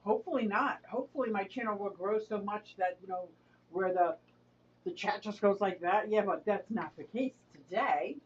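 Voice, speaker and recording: A woman's voice: medium pitch, normal speed. A woman hosting a casual live stream, greeting viewers by name and chatting with them. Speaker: live-stream host of an aquarium channel. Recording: dull, distant mic.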